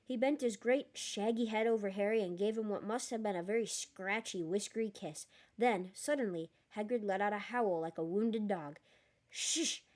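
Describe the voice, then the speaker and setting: A woman reading a novel aloud in a lively way, breaking off for chatty, joking asides. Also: medium pitch, moderate pace, few pauses. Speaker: reader.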